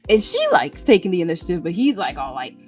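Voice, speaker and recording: A woman with a fairly low voice chats casually on a live radio stream. Her delivery is animated, with sudden jumps into acted lines. Faint music plays underneath. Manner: animated, acts out characters' lines in quick bursts. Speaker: radio show host. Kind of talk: casual chat recapping manga.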